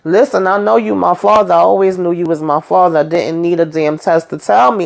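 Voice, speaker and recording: A woman's voice: fairly low pitch, steady tone, brisk, creaky, few pauses. A woman hosting a casual TV episode recap, talking in a chatty, slangy way and retelling scenes as she acts out the characters' lines. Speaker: TV recap host.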